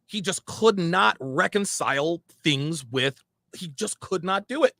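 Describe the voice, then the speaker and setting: A man's voice: high voice, takes it slowly, sharp tone, no echo, clean studio sound. A man telling a story about a past dispute, emphatic and full of repeated phrases and restarts. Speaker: podcast guest recounting a story. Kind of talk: animated storytelling.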